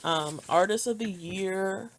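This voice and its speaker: A woman's voice: mid-range voice, takes it slowly, slight background noise. A young woman co-hosting a casual podcast, running through celebrity news and quoting people with a loose, swearing manner. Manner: reads out news items, quotes people in put-on voices, swears casually. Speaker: podcast co-host. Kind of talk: casual chat about pop news.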